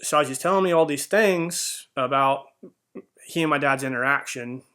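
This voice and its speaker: Earnest man with a bright voice. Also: mid-range voice, moderate pace. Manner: earnest, rambling with fillers and restarts. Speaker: vlogger. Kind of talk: heartfelt personal storytelling.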